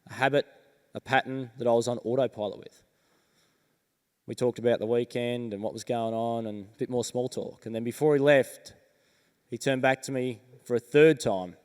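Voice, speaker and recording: An Australian man giving a keynote talk on stage, his voice smooth and resonant as he tells his story slowly and earnestly, with deliberate pauses. The sound rings out with a long reverb from a large event hall. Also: mid-range voice, fairly even intonation, darkish tone. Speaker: motivational speaker. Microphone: stage microphone.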